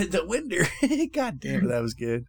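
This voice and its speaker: A co-host on a casual comedic true-crime podcast who laughs loudly and cracks jokes. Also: medium pitch, wildly swooping pitch, measured pace, vocal fry, breathy edge. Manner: loud, frequent laughter and wisecracks.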